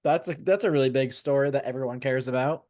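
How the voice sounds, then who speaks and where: A man co-hosting a podcast, chatting casually about a book in a relaxed, joking way and swearing now and then. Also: mid-range voice, fast talker, no echo, studio quality. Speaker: podcast co-host.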